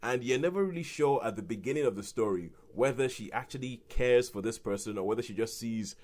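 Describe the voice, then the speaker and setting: A British man co-hosting a podcast, reviewing films in a rambling, animated way with restarts and laughs. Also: medium pitch, fairly quick. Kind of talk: casual film review chat.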